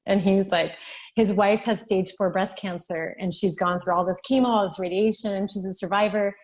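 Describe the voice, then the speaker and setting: A woman in her thirties, a physician assistant, telling her story as a podcast guest, animated and at times tearful. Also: mid-range voice, normal speed, poor audio. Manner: animated storytelling, acting out dialogue. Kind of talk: podcast interview, personal testimony.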